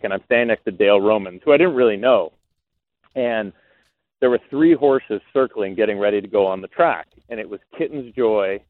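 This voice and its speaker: A man who founded a racehorse syndicate, telling a story in an interview, excited and rambling with many fillers and restarts. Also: fairly low pitch. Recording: tinny phone line.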